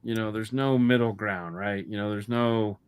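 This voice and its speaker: A man's voice: fairly low pitch, fairly even intonation, moderate pace, smooth. A man talking movies as co-host of a casual chat show. He rambles, swears freely and keeps restarting his sentences. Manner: rambling, profane, lots of restarts. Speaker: podcast co-host.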